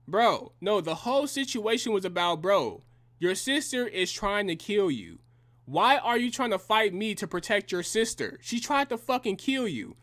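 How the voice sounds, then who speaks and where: A man's voice: high voice, very animated, normal speed, a bit bright. A young man delivering a heated, profane and combative reaction rant in slangy language. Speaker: reaction commentator.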